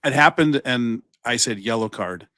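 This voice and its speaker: A man's voice: medium pitch, normal speed, pushed and bright. A man co-hosting a podcast, giving sports takes in casual chat with lots of false starts. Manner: chatty, breaks off and restarts a lot. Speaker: podcast co-host.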